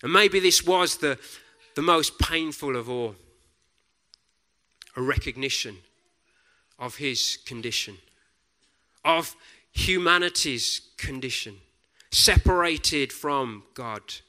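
A man preaching a sermon in a deliberate, reflective way, often dropping to a soft hush on key words. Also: fairly high pitch, lively intonation.

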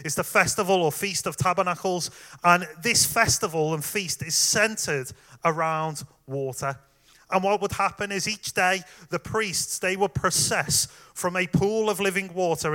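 Bright-voiced man preaching a sermon. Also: sits high, normal speed. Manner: conversational, warm direct address with fillers.

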